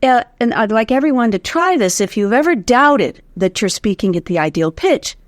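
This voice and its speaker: A woman's voice: fairly high pitch, sing-song, moderate pace, dry recording. Dry-sounding American woman voice teacher. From United States. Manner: demonstrative, hums examples, laughs easily. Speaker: voice teacher, guest. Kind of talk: instructive interview talk.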